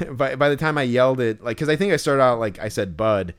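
A man's voice: mid-range voice, fast, smooth. A man co-hosting a podcast in casual chat, rambling with lots of fillers and restarts. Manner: acts out exasperated yelling when quoting himself. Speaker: podcast co-host.

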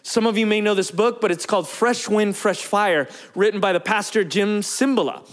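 Man, pastor, sermon storytelling, high voice, animated delivery. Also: normal speed. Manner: lively, animated storytelling with acted-out quotes.

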